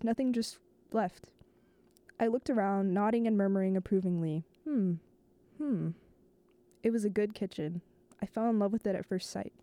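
Reading a novel aloud, this woman host goes slow and measured, occasionally stumbling and restarting a phrase. Her mid-range voice is mellow, with no echo.

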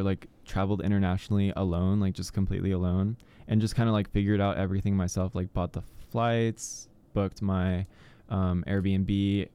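A man's voice: low voice, warm tone, clear, resonant tone. A young man co-hosting a radio show in casual chat, rambling with many "like" fillers.

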